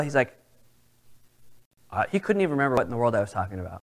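A man's voice: mid-range voice, fairly quick, pauses often, poor audio. A male pastor preaching a sermon, telling a personal story with acted-out dialogue. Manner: animated storytelling, acts out quoted dialogue.

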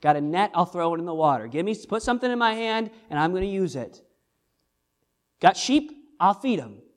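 A blunt, impulsive fisherman who is all action, eager to grab whatever is put in his hand and use it, as a preacher puts him on mid-sermon. He speaks in short, brisk bursts. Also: high voice, sing-song.

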